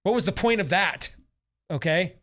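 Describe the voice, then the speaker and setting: A man's voice: sits high, lively intonation, moderate pace, a bit bright. A man in his forties hosting a talk show, ranting sarcastically and theatrically in opinionated commentary. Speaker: host.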